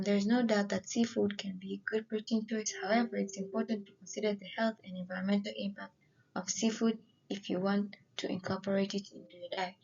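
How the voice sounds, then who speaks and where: A woman giving a slide presentation, halting and often filling pauses with "you know". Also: mid-range voice, vocal fry, a little mellow, lo-fi sound.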